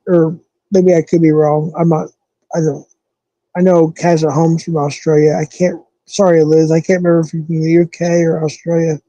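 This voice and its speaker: Heard on poor audio with no echo, a man with a high, warm voice hosts a casual live stream. He's from the American Southwest and talks loosely, rambling and correcting himself with fillers as he chats with viewers.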